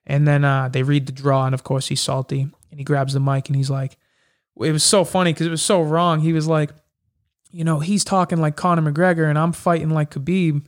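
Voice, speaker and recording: Speaking a little fast in a higher-leaning voice, a young man who fights mixed martial arts tells fight stories during a laid-back interview, animatedly performing the quoted exchanges.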